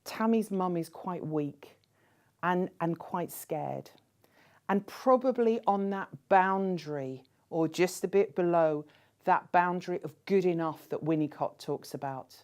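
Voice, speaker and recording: A woman giving a conference keynote speech in a measured way, posing rhetorical questions to the audience. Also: on the low side, a little mellow. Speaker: keynote speaker.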